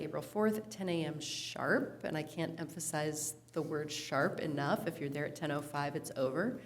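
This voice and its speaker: A woman's voice: low voice, darkish tone. A woman on city staff giving an upbeat director's report at a council meeting. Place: council chamber.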